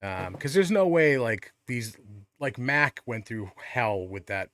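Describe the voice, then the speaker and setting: A man's voice: mid-range voice, sing-song, takes it slowly, fairly bright tone, dry recording. A man co-hosting a podcast in casual chat, rambling and swearing freely. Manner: rambling, swears often, restarts. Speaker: podcast co-host.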